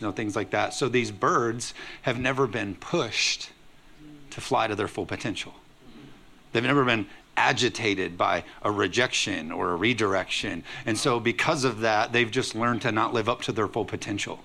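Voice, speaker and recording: A male pastor giving a sermon to a congregation in a church, preaching in an energetic, conversational way with playful asides. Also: lowish voice, normal speed, vocal fry.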